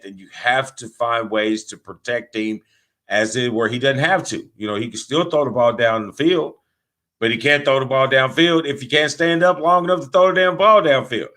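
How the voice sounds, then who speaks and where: A man's voice: medium pitch, fairly bright tone. A man hosting a sports podcast, reading sponsor plugs and talking football in a loose, joking, trash-talking way. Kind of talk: casual sports talk with sponsor reads.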